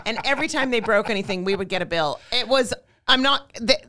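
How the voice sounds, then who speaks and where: A woman's voice: a little high, fast, no echo. Laughing woman comedian, dry sound. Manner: animated, laughing storyteller. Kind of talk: casual comedic chat.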